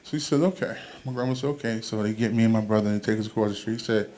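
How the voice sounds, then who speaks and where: A man performing stand-up comedy into a handheld stage mic. He tells family stories in an easy, conversational way. He turns animated and loud when he acts out the punchlines. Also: on the low side, very fast. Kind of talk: stand-up storytelling.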